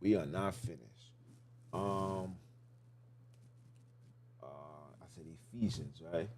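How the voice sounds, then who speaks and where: A deep, slow and somewhat mellow male voice carries a little hiss or hum in the recording. He hosts a podcast where he teaches scripture in a laid-back preaching manner, repeating phrases emphatically and asking listeners rhetorical questions.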